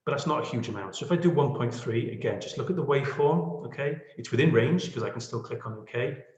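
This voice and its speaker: A man's voice: mid-range voice, lively intonation, fast talker, a little mellow. Chatty man teaching in an echoey room. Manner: chatty, self-deprecating, checks in with "okay?" and "yeah?". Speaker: podcast editing tutor. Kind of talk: screen-share webinar tutorial.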